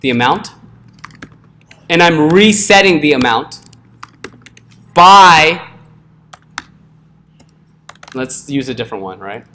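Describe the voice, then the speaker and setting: Brief: male coding instructor, slightly high voice, loose and jokey, faint typing behind. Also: animated, slow pace, long pauses, pushed and bright, slight background noise. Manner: casual, joking, checks in with "right?" often. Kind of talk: live classroom coding lesson.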